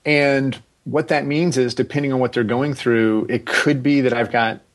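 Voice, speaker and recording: A man in his forties, a podcast guest chatting casually, relaxed and rambling with restarts and asides. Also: medium pitch, normal speed. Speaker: podcast guest, agency founder. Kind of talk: casual interview chat.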